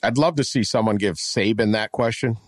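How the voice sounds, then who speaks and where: A sports talk podcast co-host from West Virginia chats casually and briskly in a lowish voice. He wanders, gets animated and keeps correcting himself, all in clean, dry studio sound.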